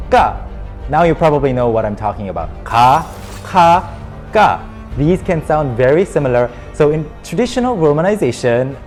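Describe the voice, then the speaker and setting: A man teaching a pronunciation lesson at an ordinary middle pitch. His voice rises and falls freely as he explains. He patiently demonstrates each example syllable aloud, with soft music underneath. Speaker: language teacher.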